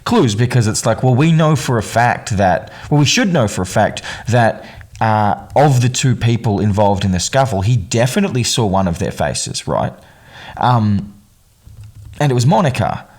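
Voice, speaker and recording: This man's medium-pitched, slightly mellow voice is very animated and moves at a moderate pace. He's a podcast host doing a solo film commentary, rambling casually with lots of fillers and restarts. His tone is wry, amused by the film's absurdities.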